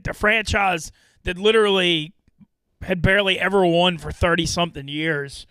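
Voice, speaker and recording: A man's voice: high voice, steady tone, normal speed, bright, forceful tone, smooth, no echo, low-quality recording. A man co-hosting a sports show, insistently defending his side in casual debate. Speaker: podcast co-host.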